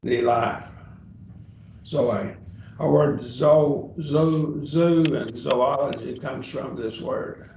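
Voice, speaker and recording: A man leads a church classroom lesson at an unhurried pace. His voice has a gravelly edge and takes plenty of time over each point. He sounds distant and roomy on a dull, muffled recording. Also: medium pitch, a little mellow, a little hiss or hum. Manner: patient, explains step by step, checks with "okay?". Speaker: Bible Greek teacher.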